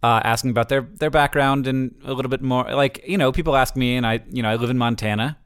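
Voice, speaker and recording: A man from Florida chats on a podcast as a co-host. He stumbles and restarts his sentences often and breaks into quick chuckles. His voice sits in an ordinary middle range. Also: medium pitch, fairly even intonation, smooth. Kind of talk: casual podcast chat.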